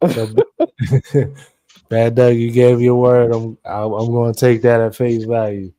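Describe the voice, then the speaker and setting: Easygoing man co-hosting, slow talk. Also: mid-range voice, completely flat delivery, dark tone, no echo. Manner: easygoing, agreeable, laughs often. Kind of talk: casual panel chat.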